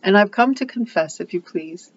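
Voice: medium pitch, animated, moderate pace, dull audio, a little hiss or hum, close to an everyday voice. A reader voicing an impulsive, dramatic orphan girl who pleads earnestly in a storybook. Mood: pleading. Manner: earnest and pleading, breathless outpourings.

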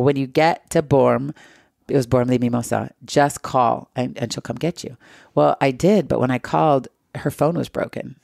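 A woman's voice: low voice, gravelly, no room sound, studio quality. A middle-aged woman from the United States, telling a travel story as an interview guest and acting out the quoted lines. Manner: lively anecdotal storyteller who acts out quoted dialogue.

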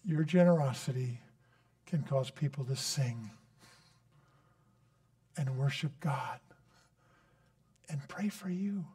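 A man's voice: mid-range voice, slow, pauses often, mellow. A man preaching a sermon as a guest speaker, earnest and storytelling, who builds into a fervent closing prayer.

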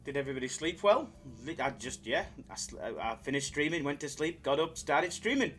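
A man's voice: a little high, lively intonation, moderate pace, pushed and bright, soft background music. A man hosting a casual live stream, bantering with chat in a laid-back way.

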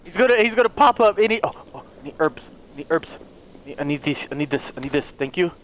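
A man giving let's play commentary on a horror game, excitable, yelping and taunting the enemy. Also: on the high side, fast, a little hiss or hum. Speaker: gamer playing a horror game.

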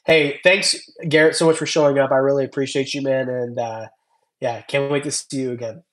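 Reading comments on his livestream, a young man who runs a reptile channel chats casually, rambles, and thanks each viewer by name. His medium-pitched voice is brisk and fairly bright, with fairly even intonation.

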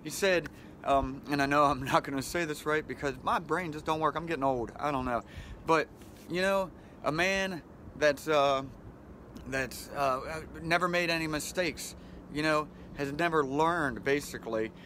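A man's voice: fairly high pitch, moderate pace, pushed and bright, slight background noise. A middle-aged man hosting a casual motivational vlog outdoors by the water, talking into a handheld phone in a friendly, rambling way with frequent chuckles. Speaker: vlog host. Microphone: handheld phone camera.

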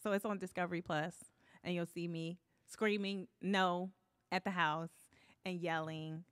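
A woman telling a story in a casual chat, animated, acting out what people said and laughing often. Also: lowish voice, measured pace, clear, resonant tone, no room sound, clean studio sound.

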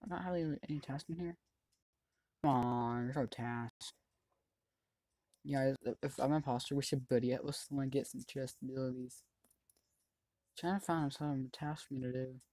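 Excitable let's-play host, chatty commentary with sudden yelling, mid pitch, dry close mic. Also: moderate pace, pauses often, no room sound. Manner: excitable, yells at other players; chatty running commentary on the game. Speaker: gaming channel host.

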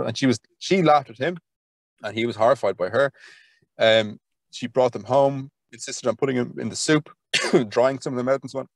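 An Irish man speaking as a guest in a relaxed interview, his voice at an ordinary middle pitch. He talks with eager enthusiasm, restarting sentences and padding them with fillers. The recording is dry and close, with no room sound. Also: fairly quick, no room sound. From Ireland. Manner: enthusiastic, rambling, full of "kind of" fillers and restarts. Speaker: podcast guest, folklore archivist. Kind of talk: conversational interview.

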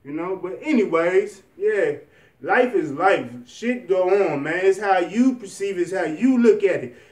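A young man with a fairly high voice talks in a rambling, earnest, encouraging way, often restarting his sentences. He sits a bit away from the mic, so the room echo comes through. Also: lively intonation, a little slow, recorded from a distance. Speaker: vlogger. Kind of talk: motivational vlog talk.

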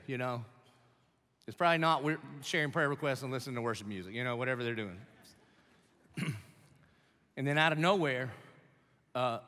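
A man's voice: medium pitch, fairly bright tone, long reverb tail. A pastor in his forties preaching a conversational, emotional sermon, telling a family story and building to passionate exhortation.

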